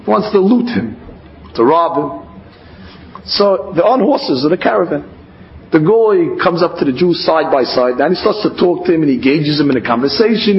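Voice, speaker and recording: A man, a religious teacher, telling stories in a sermon and acting out the quoted lines with lively shifts of voice. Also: high voice, slight background noise. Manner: lively storyteller who acts out the quoted lines. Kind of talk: storytelling sermon. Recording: roomy, slightly dull recording.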